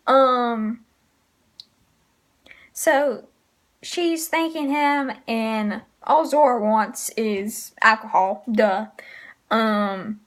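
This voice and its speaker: A woman casually recapping comic chapters, pausing often with fillers. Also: fairly high pitch. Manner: hesitant, frequent filler pauses. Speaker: manga reviewer.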